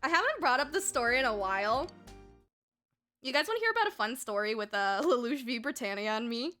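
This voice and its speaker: A woman's voice: a little high, expressive, fairly quick, pushed and bright, faint music behind. A young woman streamer telling a story in casual, rambling chat, full of fillers, laughter and swearing, at a home desk mic.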